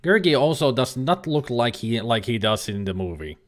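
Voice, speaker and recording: A man's voice: medium pitch, sing-song, moderate pace. A man giving casual, rambling let's-play commentary as a streamer, joking and now and then swearing. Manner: chatty, rambling, jokey, occasional swearing.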